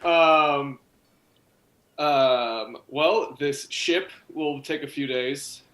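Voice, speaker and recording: A man playing in a tabletop game, laughing often as he chats. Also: a little high. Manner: slow, bright, laughs often. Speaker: player. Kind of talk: tabletop role-play chat.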